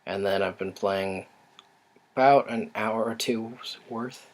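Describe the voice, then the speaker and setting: A man's voice: lowish voice, steady tone, takes it slowly. A young man co-hosting a casual chat, easygoing and agreeable, often hesitating with fillers. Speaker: podcast co-host.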